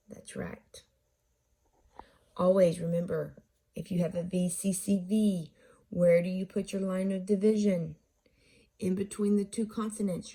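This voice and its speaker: A woman teaches a phonics lesson in an unhurried, patient way, asking questions and answering them herself. Her voice is mellow and slightly husky, and she sounds out syllables slowly. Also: on the low side. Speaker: reading teacher.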